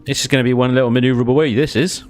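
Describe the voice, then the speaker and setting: A man's voice: mid-range voice, steady tone, racing, soft background music. A man streaming a space game, thinking aloud, chuckling often and chatting with his viewers. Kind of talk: casual live-stream chat while building in a game.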